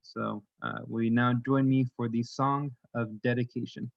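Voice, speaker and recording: A man telling a folktale to a congregation in an animated, folksy way, with casual asides. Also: medium pitch, normal speed, creaky, dry recording, highs cut off. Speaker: worship leader telling a story.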